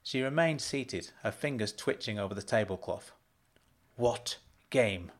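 A man's voice: on the low side, expressive, normal speed. Man reading a story aloud. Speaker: narrator.

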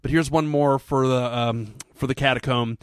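A man co-hosting a podcast in casual chat, animated and profane, laughing often. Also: mid-range voice, normal speed, clear, resonant tone, no room sound, studio quality. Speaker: podcast co-host.

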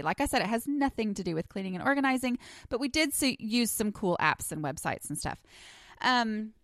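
A woman's voice: medium pitch, a bit bright, no room sound, clean studio sound. Chatty woman podcasting from home. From Texas. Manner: chatty, rambling, lots of ums and asides. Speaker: podcast host. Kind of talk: casual solo podcast chat. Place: her home, sitting under a blanket.

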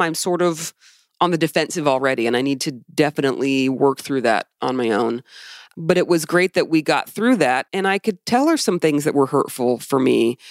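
A woman's voice: low-pitched, no echo, clean studio sound. A woman co-hosting a podcast, telling personal stories in a heated, emphatic way. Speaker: podcast co-host. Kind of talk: casual chat.

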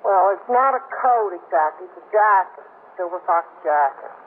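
A brash, sarcastic single woman, played by an actress in an old radio drama, quick with a wisecrack and shrill when riled. Her voice swoops all over the place. The sound is thin and phone-like with a faint hiss. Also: expressive, natural voice. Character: sharp-tongued single woman, loud and sarcastic. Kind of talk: 1950s radio drama acting. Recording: tinny, hissy old radio broadcast.

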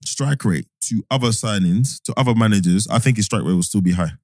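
A man, co-hosting a casual football podcast, talking in animated, slangy bursts. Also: fairly low pitch, brisk, no echo. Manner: animated, slangy, mimics people he quotes. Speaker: podcast co-host.

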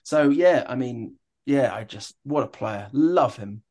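A man's voice: medium pitch, expressive, a little slow, darkish tone. A young adult man, a stadium announcer, chatting in an interview and telling stories with enthusiasm and many restarts. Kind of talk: casual interview chat.

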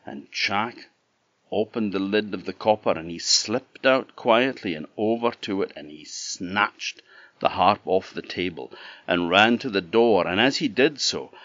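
Slow, deep storyteller man. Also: no room sound. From Orkney Islands. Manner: animated, conversational telling with asides to the listener. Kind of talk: traditional oral storytelling. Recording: dull, dry lo-fi recording.

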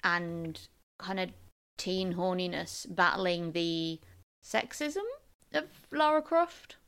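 A woman's voice: lowish voice, takes it slowly, fairly bright tone, smooth. A woman co-hosting a podcast in casual chat, asking wry, teasing questions. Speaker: podcast co-host.

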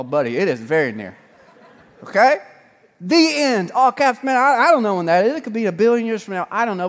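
Pastor, man, sermon; playful, swings loud to hushed; reverberant church hall. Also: on the high side. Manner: lively, joking, swings between loud and hushed.

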